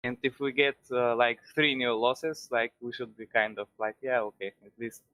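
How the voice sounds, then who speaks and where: A man's voice: mid-range voice, little pitch movement, moderate pace, pushed and bright, no room sound. A man, not a native English speaker, calling in to a football stream, talking hesitantly with many restarts. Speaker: caller. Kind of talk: casual call-in chat.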